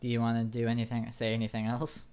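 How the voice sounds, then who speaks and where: A man's voice: mid-range voice, completely flat delivery, fast, a little mellow, smooth. A man narrating as dungeon master in a tabletop game, hesitant and searching for words.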